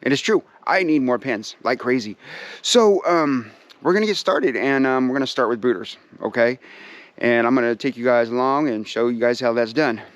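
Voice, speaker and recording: A man's voice: mid-range voice, expressive, normal speed, no echo, muffled recording. Laid-back guy vlogging outside w his birds, mid voice, lots of um, keeps saying you guys. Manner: easygoing and folksy, many fillers, keeps addressing viewers as "you guys"; talks sweetly to his birds while walking around. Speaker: pheasant breeder and channel host. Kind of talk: casual rambling vlog chat. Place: outdoors at a backyard pheasantry.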